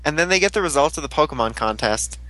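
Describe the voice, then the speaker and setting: A man's voice: a little high, animated, fast talker, bright, forceful tone, no echo, rough recording. A young man recapping a TV episode in casual chat, rambling, giggly and crude, often mimicking the characters. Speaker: podcast host recapping an episode.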